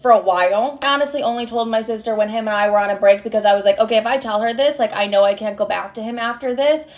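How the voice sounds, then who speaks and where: A woman in her twenties telling a personal story in a casual, animated, sarcastic way, swearing often. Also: a little high, fast talker. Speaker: storytime vlogger.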